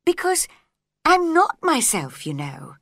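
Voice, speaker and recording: A woman's voice: sits high, huge pitch swings, slow, a bit bright, no echo, studio quality, voice pushed up, full character voice. A woman playing a polite puzzled little girl. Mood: earnest. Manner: polite and earnest.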